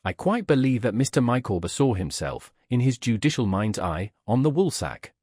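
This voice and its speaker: A man's voice: medium pitch, sing-song, moderate pace, a little mellow, no echo, clean studio sound. A man reading the part of a pompous, insistent middle-aged wife in an audiobook, speaking in a grand, formal, emphatic way.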